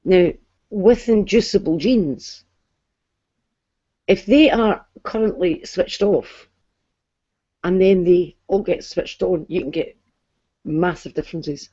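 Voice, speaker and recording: Mellow-voiced woman explaining patiently. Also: lowish voice, takes it slowly, pauses often, no room sound, highs cut off. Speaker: guest explaining science. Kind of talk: casual explanatory chat.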